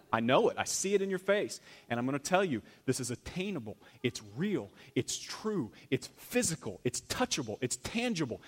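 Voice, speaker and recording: A man preaching a sermon in a church, animated, swinging between loud emphasis and hushed near-whispers. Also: a little high. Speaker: pastor.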